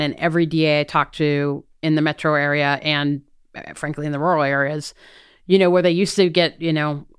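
A middle-aged woman who works as a prosecutor and is running for district attorney answers interview questions earnestly, thinking aloud with frequent fillers and restarts. Her deep voice is a bit bright, with a clean tone.

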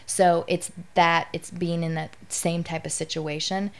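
Gravelly woman telling a personal story. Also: on the low side, little pitch movement, a little slow. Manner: candid, emotional storytelling. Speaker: guest. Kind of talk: conversational interview.

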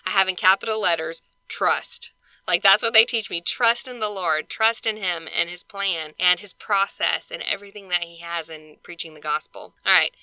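A woman hosts a casual scripture study podcast, chatting freely with plenty of "like" and "you know." Her voice is very bright and smooth, set a little low for a woman. It is recorded dry and close to the mic. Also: moderate pace, dry recording, rough recording. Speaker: podcast host.

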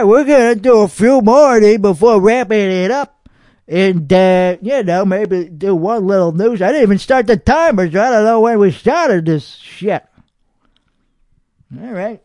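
Heard in clean studio sound with no echo, this high-pitched, darkish-toned Texan podcast host rambles casually about internet videos. His reactions are profane and full of mock outrage.

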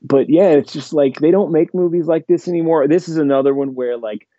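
A man talks in a loose, rambling way, full of fillers and eager asides. His voice is mellow and dark, on a dull lo-fi recording. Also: a little high, fairly quick, no room sound. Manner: rambling, enthusiastic, heavy on fillers. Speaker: podcast guest. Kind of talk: casual chat.

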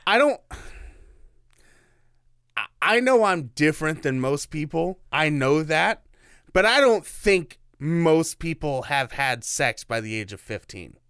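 A man's voice: a little high, big pitch swings, takes it slowly, a bit bright, clear, resonant tone, dry recording, clean studio sound. A man co-hosting a podcast, chatting casually and jokingly about a movie. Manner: jokey, slips into silly voices. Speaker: podcast co-host.

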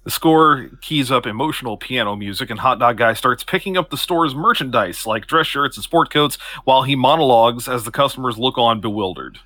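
A man's voice: medium pitch, fairly quick, hardly any pauses, sharp tone, no room sound. A man co-hosting a comedy podcast, reading the scene narration of a sketch in a dry stage-direction manner. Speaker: podcast co-host.

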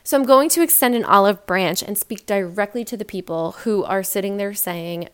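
Woman podcast host, solo casual monologue, emphatic, filler-heavy, middle-pitched voice. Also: moderate pace, few pauses, smooth. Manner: chatty and emphatic, many fillers and rhetorical questions.

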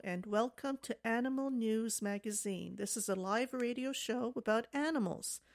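A woman's voice: a little high, darkish tone. A woman co-hosting a live radio talk show, telling stories in a chatty way with many fillers.

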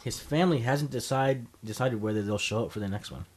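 A man's voice: medium pitch, a little fast, crowd noise. A man hosting a casual comedy podcast, reading out strange news stories, laughing and swearing freely. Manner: swearing, laughing, reads headlines aloud.

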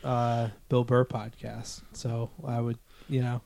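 A man's voice: mid-range voice, monotone, slow, vocal fry, a little mellow, no echo. A man co-hosting a casual podcast who laughs often between crude jokes. His voice sits in an ordinary middle range for a man. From Connecticut. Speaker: podcast co-host.

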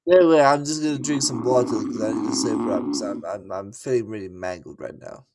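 A man's voice: mid-range voice, fast talker, gravelly, very noisy. A young drunk man with an English accent, slurring rowdy, crude banter in a casual voice chat.

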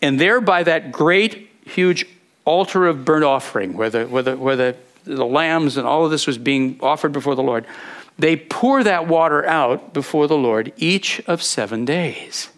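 A man's voice: a little high, lively intonation, a little slow, a bit bright. A man preaching a sermon, earnest and rising to fervent scripture readings.

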